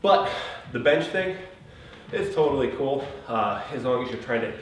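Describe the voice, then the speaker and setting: A man coaching a workout in a relaxed, chatty way. He is out of breath and huffing between phrases as he explains the exercise modifications. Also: mid-range voice, normal speed. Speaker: fitness trainer. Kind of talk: casual workout instruction. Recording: very echoey room, mic at a distance, faint noise.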